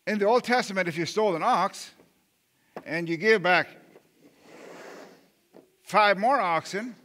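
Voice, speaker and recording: A man preaching a sermon with a bright, forceful voice pitched a little high. He talks earnestly, stumbles over repeated words and restarts, and keeps asking his listeners questions. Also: a little slow. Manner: rhetorical questions to the congregation. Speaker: pastor.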